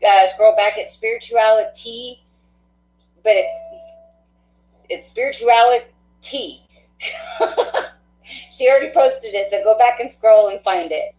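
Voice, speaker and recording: A woman hosting a spiritual card-reading livestream, chatting warmly and laughing often, with a stuffy nose. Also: a little high, slow, pauses often. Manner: affectionate, chatty, laughs often, many fillers. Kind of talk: casual livestream sign-off chat. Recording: echoey room.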